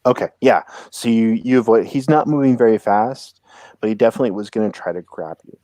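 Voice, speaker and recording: A man with a low, warm voice narrates as game master. He sets the scene and then turns to his players with question after question. The sound is close and dry. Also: brisk, dry recording.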